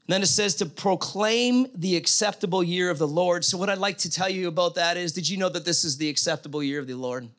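A man's voice: a little high, fairly bright tone. A middle-aged man preaching a conversational sermon, telling a story and asking his listeners questions. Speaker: pastor.

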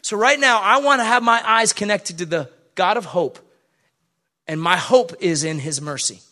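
A man preaching to his church, reading scripture aloud and acting out the people in the story with lively commentary. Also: high-pitched, normal speed. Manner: animated, acts out the people in the Bible story. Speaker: pastor.

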